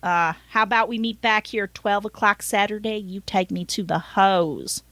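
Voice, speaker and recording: A woman's voice: medium pitch, normal speed, fairly bright tone, dry recording, lightly acted. A woman doing a brash Southern taxi driver. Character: pushy crude male taxi driver, tipsy.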